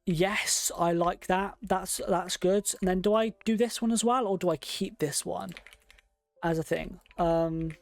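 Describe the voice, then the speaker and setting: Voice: medium pitch, measured pace, gravelly. A game streamer, chatting casually and thinking aloud while decorating a room in a game. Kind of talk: casual gameplay commentary.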